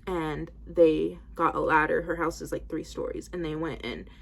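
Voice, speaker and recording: Twenties woman, lowish voice, casual rambling vlogger, filler-heavy, styling her hair as she talks. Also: flat delivery, normal speed, creaky, slightly rough. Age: 20s. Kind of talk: casual storytelling to camera.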